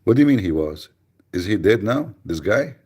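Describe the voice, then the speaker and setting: A man hosting a live radio show, chatting casually with mocking, rambling, deadpan asides. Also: on the low side, moderate pace, husky. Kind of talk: casual joking livestream chat.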